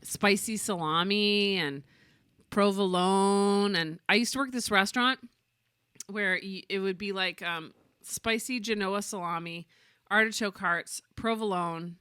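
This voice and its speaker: A woman co-hosting a casual podcast, chatting in an animated, playful way. Her voice is bright and crisp. It is recorded close and dry, with no room sound. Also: mid-range voice, unhurried, dry recording. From Canada. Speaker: podcast co-host. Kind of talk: casual chat.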